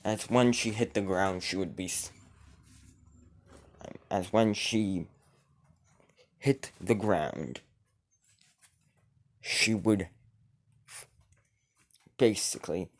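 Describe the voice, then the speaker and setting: A man's voice: deep voice, extremely slow, pauses often. A man improvising a fantasy story in casual narration, rambling, with frequent restarts and self-corrections.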